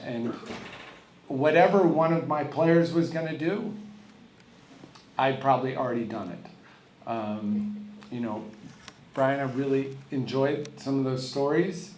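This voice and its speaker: A man's voice: mid-range voice, takes it slowly, pauses often, darkish tone, a little hiss or hum. Man, middle-aged, tennis coach, acceptance speech, wry storyteller, echoey banquet hall. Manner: self-deprecating storyteller, candid and wry. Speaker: hall of fame inductee, college tennis coach. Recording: echoey hall with faint room ambience.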